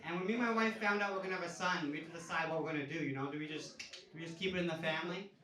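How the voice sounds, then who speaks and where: A man in his thirties works a comedy club stage, talking loosely and casually between jokes. His voice sits a little high for a man. It comes across roomy and somewhat distant, with plenty of noise from the club around him. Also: very fast. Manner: conversational storytelling, jumps to loud yelling for punchlines. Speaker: stand-up comedian. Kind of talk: stand-up comedy set. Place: comedy club stage before a laughing audience.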